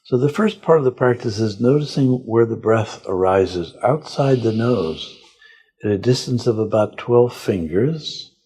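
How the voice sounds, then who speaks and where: A man, a spiritual teacher on a podcast, calmly and slowly guiding a breath meditation. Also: lowish voice, breathy edge. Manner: calm, slow, gentle guiding. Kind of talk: guided meditation instruction.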